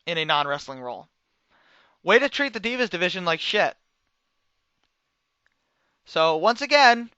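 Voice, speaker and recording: A young man reviewing a wrestling show, talking casually and sarcastically and swinging between loud outbursts and quiet mutters. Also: high voice, big pitch swings, measured pace, pauses often, clean tone, no room sound, muffled recording.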